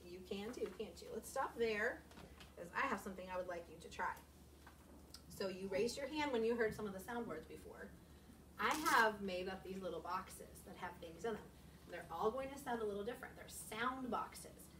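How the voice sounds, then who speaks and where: A woman teaching a class of young children, animated and expressive, asking lots of questions. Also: medium pitch, moderate pace, slight background noise. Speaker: elementary school teacher. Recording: echoey classroom, camera far off.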